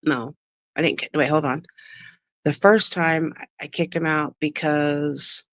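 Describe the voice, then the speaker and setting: Low-voiced woman on a candid livestream. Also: fairly even intonation, unhurried, a bit bright, no echo. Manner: emotional, rambling, greets chat viewers mid-story. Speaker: livestream host.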